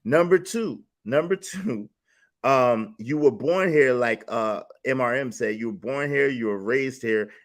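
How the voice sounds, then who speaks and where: A man hosting a casual panel discussion who jumps in, talks in slang and reads out viewer comments with animated reactions. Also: mid-range voice, a little slow. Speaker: podcast host.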